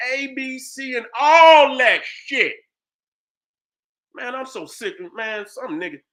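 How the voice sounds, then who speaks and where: Here the host commentator's voice is high-pitched, bright and pushed as he rants in angry, profane commentary. Rhetorical questions fly, and "you understand what I'm saying" keeps coming back.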